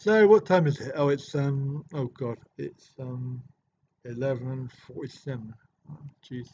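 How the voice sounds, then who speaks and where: A middle-aged man with a mellow, mid-range voice hosts a livestream from a hotel room, chatting casually and joking while answering viewer comments. The lo-fi stream audio sounds dull and carries a slight hiss or hum.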